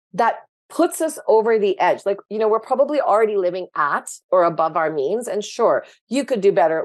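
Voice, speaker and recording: A woman's voice: fairly low pitch, a little mellow. A woman, a guest speaking frankly and with animation about her own past, with many fillers. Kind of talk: candid personal story in interview.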